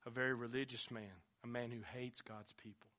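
A male pastor, preaching a sermon with passion, dropping to a hush and then rising loud again. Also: medium pitch, little pitch movement, brisk. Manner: impassioned preaching, swinging from hushed to loud.

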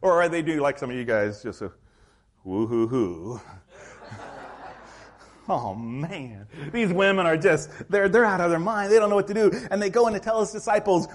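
A male pastor preaching a sermon in a church, telling the story in a lively, acted-out way. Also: high-pitched, fast. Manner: animated storytelling, acts out scenes.

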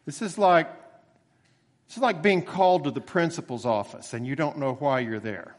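A man preaching a sermon in a relaxed, conversational way, slowing down to stress key phrases. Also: on the high side, big-room sound. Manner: conversational storytelling with emphatic slowed phrases.

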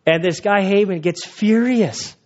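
A man preaching a sermon in a conversational, animated way, retelling the story and acting out the voices of its people. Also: on the high side, moderate pace, dull audio. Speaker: pastor.

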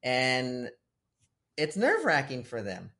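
A man who coaches tennis, chatting casually about faith and telling lively stories with acted-out voices. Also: medium pitch, slow pace. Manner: animated storytelling, acts out voices of kids and God. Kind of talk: casual faith-based conversation.

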